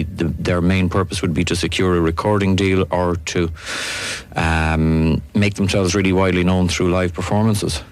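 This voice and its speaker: A man asking a long, rambling question about bands on a radio show. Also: sits low. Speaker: interviewer.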